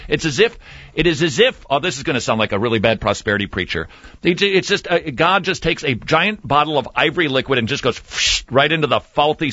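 A man hosting a Christian talk radio show, jokey and animated, swinging between loud bursts and muttered asides. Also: a little high, no room sound, highs cut off. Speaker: radio host. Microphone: studio desk mic.

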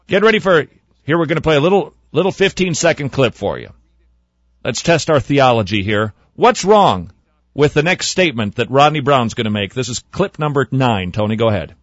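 A man hosting a radio talk show, commenting sarcastically on sermon clips and swinging between loud remarks and hushed asides. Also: mid-range voice, big pitch swings, fairly quick, no echo, lo-fi sound.

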